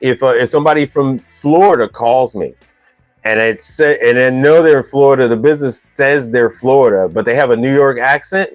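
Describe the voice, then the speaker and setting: A man's voice: mid-range voice, moderate pace, no echo. A man hosting a casual live stream on business questions, rambling and teasing in loose slang. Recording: dull dry sound with faint music behind.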